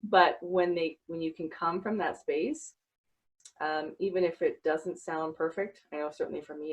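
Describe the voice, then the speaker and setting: A woman's voice: low-pitched, fairly even intonation, normal speed, slightly rough, dull audio. A woman hosting a podcast interview, talking earnestly and reflectively with many fillers. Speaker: podcast host. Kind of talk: casual interview chat.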